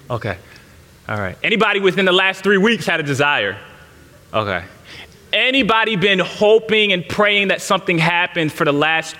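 A man in his thirties preaches, his fairly high voice bright and forceful. He tells a candid personal story and speaks straight to his listeners, while a long reverb hangs in the large hall. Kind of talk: sermon told as personal story.

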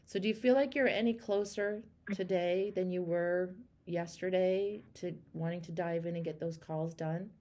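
A woman hosting a call-in coaching chat, encouraging and animated, acting out example phrases for her caller. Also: on the low side, moderate pace, hardly any pauses. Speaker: host and life coach.

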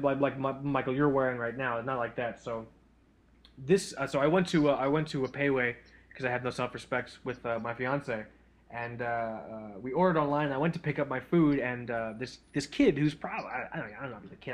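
A man's voice: medium pitch, a little fast. A man co-hosting a casual podcast chat, telling a rambling, profane, self-deprecating story. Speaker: podcast co-host.

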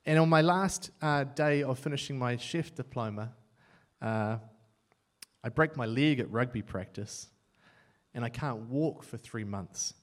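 A young man with a New Zealand accent preaching a sermon, telling his own story with self-mocking humour and swinging between loud and hushed as he voices his thoughts. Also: mid-range voice, a little slow.

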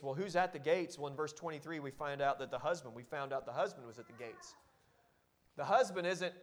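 A male pastor with a high voice delivers a sermon. He speaks earnestly and exhorts his listeners, and at times his voice sinks almost to a hush. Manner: earnest and exhorting, with sudden quiet drops.

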